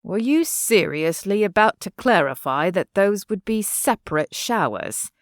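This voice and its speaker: A woman's voice: medium pitch, lively intonation, unhurried, no echo, studio quality, natural voice. A woman voicing a teasing young man, the son of an earl for an audiobook.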